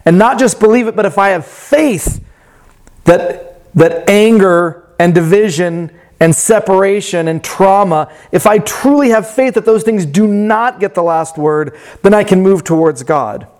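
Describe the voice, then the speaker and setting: A man preaching a sermon in a reflective way that turns animated when he tells a story. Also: high voice, unhurried. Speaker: pastor.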